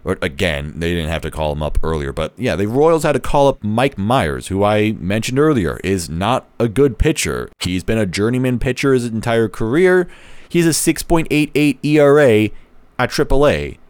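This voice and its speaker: This is a casual solo sports podcast from a man who talks as a baseball fan commentator. His voice sits fairly low, with lively intonation, a moderate pace, and a clear, resonant tone free of echo. He rambles, corrects himself, and makes wry jokes.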